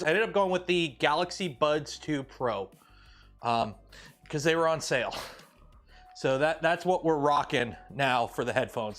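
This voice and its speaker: Brief: man from Canada, livestream host, lively up-and-down delivery, slightly high voice, loose and jokey. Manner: rambling and jokey, with many fillers and restarts. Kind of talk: casual livestream chat while building.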